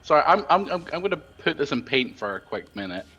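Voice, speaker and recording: A man talks on a stream voice call with a husky, breathy edge. His pitch swings lively as he stumbles and repeats his words. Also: fast, lo-fi sound. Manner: hesitant, repeats words, then laughs it off. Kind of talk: casual gaming stream chat.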